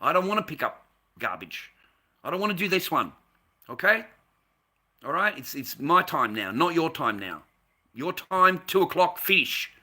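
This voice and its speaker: A man's voice: fairly high pitch, big pitch swings, normal speed, pauses often, bright, forceful tone. An Australian man telling a heated, profane story about being mistreated as a volunteer, repeating himself as he complains. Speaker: volunteer recounting a workplace dispute. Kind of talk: angry casual rant to camera.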